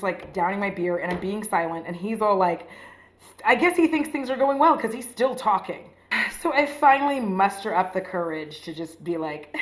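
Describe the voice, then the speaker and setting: A woman vlogger telling a story in a casual, chatty way while getting ready. She swears freely, says "like" a lot and acts out the voices of the people in her story. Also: mid-range voice. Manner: frequent filler "like". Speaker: beauty vlogger. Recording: roomy echo.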